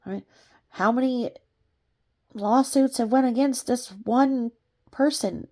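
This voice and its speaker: Gravelly-voiced woman reading a legal filing. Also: fairly high pitch, takes it slowly, long pauses, warm tone. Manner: reads legal citations, breaks off with sarcastic asides and laughs. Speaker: commentator reading a court filing. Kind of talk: reading aloud with commentary.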